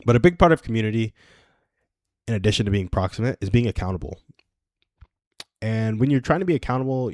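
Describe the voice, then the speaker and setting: A young man in his twenties with a low-pitched voice hosts a casual solo livestream. He rambles loosely and chuckles at his own stories. His voice is recorded dry and close, with no room sound. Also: darkish tone, dry recording. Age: 20s. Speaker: livestream host.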